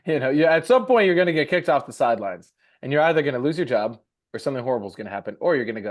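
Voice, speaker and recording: A man's voice: mid-range voice, lively intonation, very fast. A man co-hosting a podcast, talking casually in a profane, emphatic, motivational ramble. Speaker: podcast co-host.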